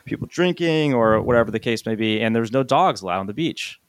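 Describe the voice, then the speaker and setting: A man's voice: mid-range voice, expressive, quick pace, no echo. Chatty male podcast co-host. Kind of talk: casual podcast chat.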